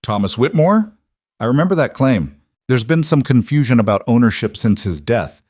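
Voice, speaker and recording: A man voices a thin, bored land office clerk who turns wary and hesitant, pitching his natural, mid-range voice above his own. His delivery is expressive and moderately paced with a darkish tone, captured in a dry, clean studio recording.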